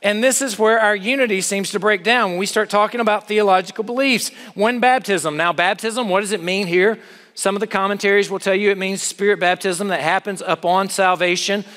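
A man's voice: high-pitched, fairly even intonation, a little fast, a bit bright, big-room sound. A man preaching a sermon as pastor, earnest and full of rhetorical questions.

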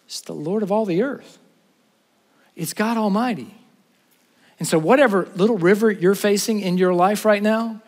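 A man's voice: high voice, moderate pace. A male pastor, preaching a sermon that shifts between intense build-ups and casual asides. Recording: long hall reverb.

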